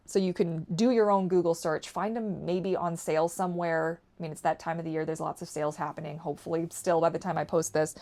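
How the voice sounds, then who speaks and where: Rambling, candid woman vlogger, lowish voice. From Canada. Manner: rambling, swears, swings from quiet to loud and ranting. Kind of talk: casual rambling vlog to camera.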